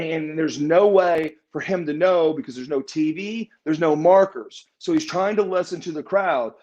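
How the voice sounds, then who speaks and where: A man guest in a podcast interview, telling stories casually and acting out other people's lines in changed voices. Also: on the high side. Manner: animated, acts out quotes in changed voices. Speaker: interview guest, former wrestler. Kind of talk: casual storytelling in a shoot interview. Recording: slightly dull, lo-fi podcast audio.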